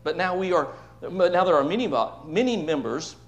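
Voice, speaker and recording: A man preaching a sermon to his church, emphatic, swinging between loud declarations and hushed asides, often repeating words. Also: sits high, lively intonation, fairly quick, muffled recording. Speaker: pastor. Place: church sanctuary.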